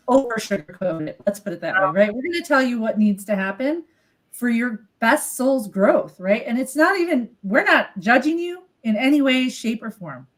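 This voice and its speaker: A middle-aged woman talks in a lively, candid way, slightly higher in pitch than most. She chats casually as a healer, swears offhandedly and acts out her inner voice in quick little quotes. Frank and easygoing. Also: rough recording. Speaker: co-host, healer. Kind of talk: casual live-stream chat.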